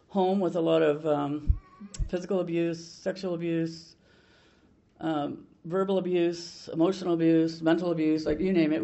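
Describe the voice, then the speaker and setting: A woman's voice: deep voice, creaky, dark tone, muffled recording. An older woman from Canada sharing her recovery story at a meeting, in a blunt, salty way with many restarts.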